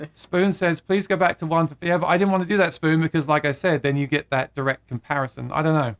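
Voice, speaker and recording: A chatty man hosts a live stream with a slightly higher-than-usual voice. He reads viewer comments aloud in a casual, playful way and laughs often at his own jokes. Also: fairly even intonation, a little fast, clean tone. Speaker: host of a live guitar stream.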